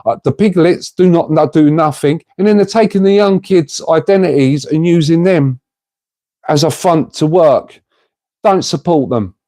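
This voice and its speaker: A man's voice: on the high side, normal speed, warm tone, no echo. A middle-aged man hosting a casual livestream, rambling and chatty as he reads out viewers' comments and calls them mate. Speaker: livestream host reading chat.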